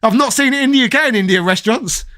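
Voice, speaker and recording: A man's voice: very high-pitched, fast, pushed and bright. A man of around forty, from southeast London, hosting a casual livestream in a put-on posh English accent, reading chat and giving opinions with plenty of swearing. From southeast London, England. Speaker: host reading live chat.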